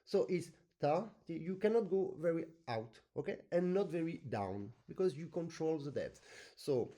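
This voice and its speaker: Man, accordion teacher, lively pitch, sings rhythm syllables. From France. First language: French. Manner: animated, sings rhythms in syllables, non-native English phrasing. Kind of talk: masterclass teaching with sung demonstrations.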